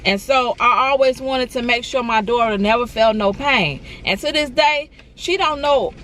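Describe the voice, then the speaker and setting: Woman vlogger, higher voice, earnest and encouraging, repeats herself, faint traffic hum behind. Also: normal speed, few pauses, a bit bright. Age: adult. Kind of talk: emotional storytime vlog.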